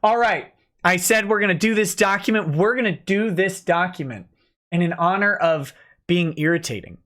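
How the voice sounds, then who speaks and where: A man's voice: high-pitched, fairly bright tone. A man hosting a casual livestream, reading and commenting in a sardonic, mocking, chatty way with many fillers. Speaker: lawyer and livestream host.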